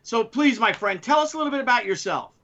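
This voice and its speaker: A man's voice: expressive, fast talker, bright, forceful tone. A man co-hosting a comics podcast over a video call, with theatrical, grandiose introductions. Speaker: co-host. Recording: muffled low-fidelity audio.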